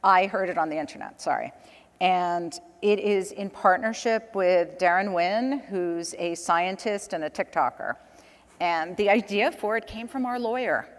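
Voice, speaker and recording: A woman's voice: lowish voice, a little slow, big-room sound. Chatty woman on a conference panel. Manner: chatty storyteller, laughs between points. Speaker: panel guest, communications director. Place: conference stage.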